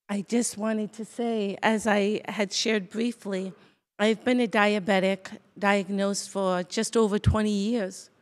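Older woman, grandmother, unhurried, earnest opening blessing. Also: mid-range voice. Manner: slow and earnest. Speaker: elder giving opening blessing. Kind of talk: spoken blessing and testimony.

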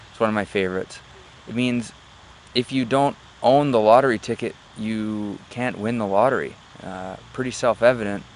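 A man giving a motivational talk, halting and full of fillers, who tells a joke to make his point. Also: fairly low pitch, a little hiss or hum. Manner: tells stories and jokes. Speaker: motivational speaker.

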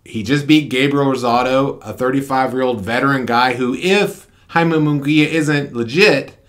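A man co-hosting a casual boxing talk show, giving emphatic, opinionated takes with quick asides. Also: mid-range voice, a bit bright. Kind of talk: casual chat.

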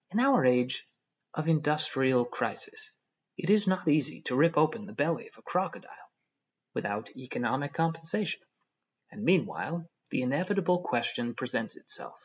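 A man voicing a self-important civil servant who lectures calmly and at length. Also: medium pitch, breathy edge. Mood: pompous tranquil. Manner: measured, lecturing tone. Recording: dull lo-fi audio.

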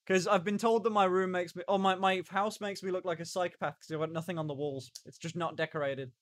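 A man's voice: high voice, fairly even intonation, fast talker, no echo. Rambling young man streaming to chat. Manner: rambling, stop-start, reacts to chat. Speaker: livestreamer. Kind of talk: casual live-stream chat.

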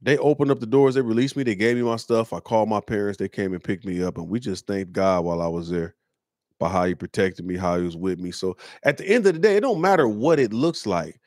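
A man with a fairly low voice, hosting his own show and telling a personal story in a relaxed, slangy, earnest manner. The sound is dry and close. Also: quick pace, no echo. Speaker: host. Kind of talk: casual storytelling monologue.

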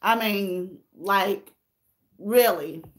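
A woman's voice: mid-range voice, drawn-out words, a little hiss or hum. A woman hosting a casual livestream, tearful and candid as she talks straight to her viewers and reads their comments. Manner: candid and emotional, addressing viewers as y'all.

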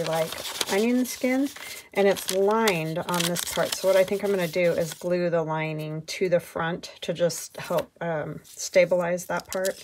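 A woman with a slightly low voice talks casually through her crafting at an indoor table, thinking aloud and wandering from one thought to the next. Paper crinkles and clicks come through clearly behind her words. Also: a little mellow, slight background noise, poor audio. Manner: thinks aloud, chatty and meandering. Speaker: craft vlogger. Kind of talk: casual running commentary while crafting.

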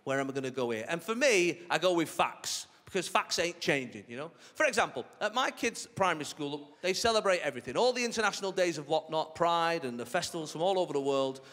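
Lively stand-up comedian. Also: male voice, on the high side, fairly quick, few pauses. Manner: chatty, cheeky, lively storytelling to a crowd. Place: large theatre stage with a laughing audience. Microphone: stage microphone. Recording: live hall reverb with crowd noise.

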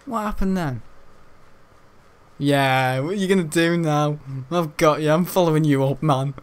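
A young man giving crude, excitable gaming commentary, often laughing. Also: a little high, a little slow, smooth. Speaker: gaming channel host.

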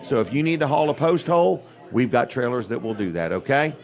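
A man's voice: medium pitch, sing-song, fairly quick. An older man hosting a live radio and TV show from a busy restaurant, rambling casually between giveaways and sponsor plugs with dry jokes. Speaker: host. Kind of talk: live on-location radio and TV talk.

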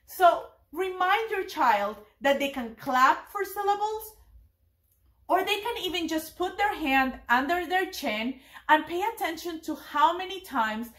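A young woman teaching a preschool lesson to families, cheerful and encouraging, sounding out words slowly and clearly. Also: high-pitched, a bit bright, roomy sound. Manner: slow, clear demonstration of words. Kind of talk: virtual family event lesson.

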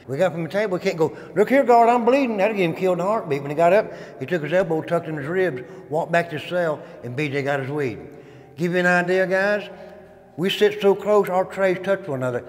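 A former inmate leads a tour inside an old prison, his fairly high voice moving a little fast as he spins dramatic, folksy stories and addresses his group as "guys." The long echo of a stone hall surrounds his words.

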